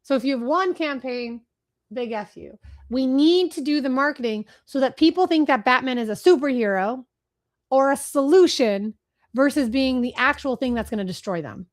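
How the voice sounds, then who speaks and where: Fast-talking rambling woman hosting a webinar. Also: high-pitched. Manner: fast-talking, rambling, self-deprecating, tries silly voices. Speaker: webinar host, marketing speaker. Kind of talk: casual live webinar talk. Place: home office, talking to a computer.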